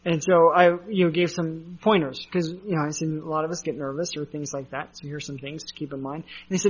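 A man's voice: fairly high pitch, fairly even intonation, brisk, hardly any pauses, breathy edge, muffled recording. A man preaching a sermon as a pastor, conversational with asides and fillers.

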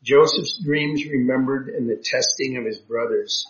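A man's voice: mid-range voice, moderate pace. A man teaching a Bible class, reading verses aloud and explaining them with frequent hesitations. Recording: roomy, dull lo-fi classroom recording.

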